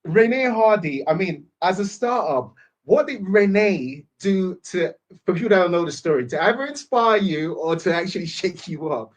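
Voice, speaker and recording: A man's voice: high-pitched, lively intonation, normal speed. A man hosting an interview, asking questions in a chatty way with stumbling restarts and eager prompts. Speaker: host. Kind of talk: casual interview chat.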